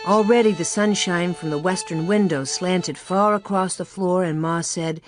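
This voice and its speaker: An audiobook narrator giving a steady, measured reading of a children's novel. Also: mid-range voice, soft background music.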